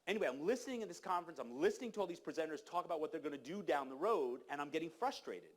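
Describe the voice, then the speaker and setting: A man's voice: a little high, expressive, very fast. A man giving an impassioned conference talk, urging the audience and telling stories with direct questions to the listeners. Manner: urgent, exhorting, storytelling with direct questions to the audience. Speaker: conference speaker. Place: conference hall.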